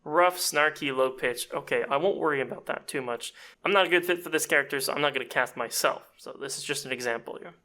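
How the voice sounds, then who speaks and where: A man giving a chatty, self-deprecating audio editing tutorial, explaining step by step as he clicks through software. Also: mid-range voice. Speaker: voice actor and casting director.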